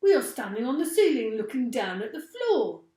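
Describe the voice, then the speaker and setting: A woman reading aloud, voicing a gruff, blustering nasty old man. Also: a little high, big pitch swings, moderate pace, warm tone, pitched above the performer's own voice. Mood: flustered. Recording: roomy echo.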